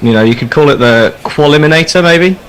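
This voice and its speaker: A man's voice: on the high side, expressive, brisk, fairly bright tone, a little hiss or hum, poor audio. A man hosting a casual ball-by-ball cricket commentary in a chatty, easygoing way. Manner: easygoing, chatty, laughs readily.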